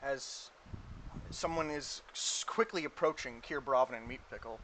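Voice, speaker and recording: A man's voice: mid-range voice, normal speed, fairly bright tone, slight background noise, rough recording. A man narrating as game master in an online tabletop game, rambling with lots of restarts.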